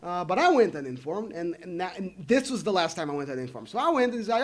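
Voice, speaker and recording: A man's voice: high voice, quick pace, few pauses. A man telling a rant story to his viewers, acting out the people he quotes. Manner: animated, acts out the people he quotes. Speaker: vlogger.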